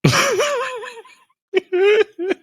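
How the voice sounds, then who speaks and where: A man's voice: very high-pitched, very slow, a bit bright, dry recording. A man in his thirties tells a long story on a podcast, circling back on himself and packing every sentence with fillers. He is recorded close and dry, with no room sound around him. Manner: rambling, filler-heavy storytelling. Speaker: podcast co-host. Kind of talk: casual chat.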